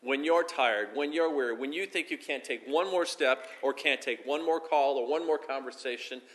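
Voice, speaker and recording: A pastor delivers a sermon in a bright, forceful male voice. He presses key phrases with emphasis, then lets sentences fall away quietly and slowly. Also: mid-range voice, slight background noise. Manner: preaching with rising emphasis and soft, slow drops at phrase ends.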